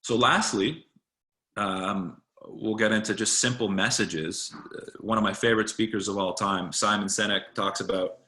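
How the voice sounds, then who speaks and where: A man's voice: lowish voice, fairly even intonation, normal speed, bright, forceful tone. A man coaching presentation skills in a casual, conversational talk, often restarting his sentences. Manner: conversational, with frequent restarts and fillers.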